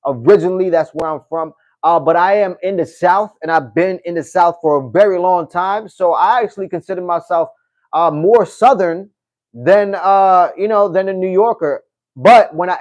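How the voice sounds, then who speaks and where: A man's voice: a little high, a little mellow, no echo, highs cut off. A man, hosting a live stream and chatting casually with viewers in a laid-back, slangy way. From New York City. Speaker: livestream host. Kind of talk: casual live-stream chat reading comments.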